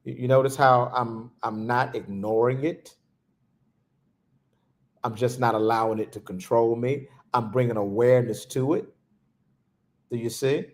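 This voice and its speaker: Male spiritual teacher, slow gravelly delivery, reflective, hushed emphasis. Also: mid-range voice, steady tone. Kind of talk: livestreamed spiritual talk.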